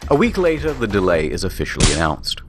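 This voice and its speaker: Deep-voiced male narrator, wry, music bed. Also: huge pitch swings, fast talker. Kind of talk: comedic scripted narration.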